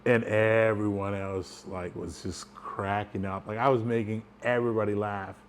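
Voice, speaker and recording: A man's voice: on the low side, steady tone, moderate pace, slight background noise. A man telling a personal story in a casual, rambling way, chuckling as he goes. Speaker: vlogger.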